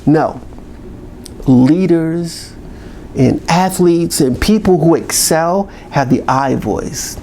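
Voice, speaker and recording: A man's voice: on the high side, animated, takes it slowly, dark tone, slight background noise. A man giving a motivational talk to camera, emphatic and repetitive in a pep-talk manner. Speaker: motivational speaker.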